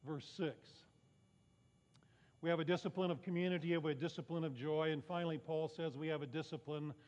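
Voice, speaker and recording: A man with a high voice preaches in a church sanctuary, keeping it conversational with rhetorical questions and wry jokes at his own expense. The sound is somewhat muffled, and a long reverb trails behind him. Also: fairly even intonation, fairly quick, a little mellow. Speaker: pastor. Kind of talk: sermon.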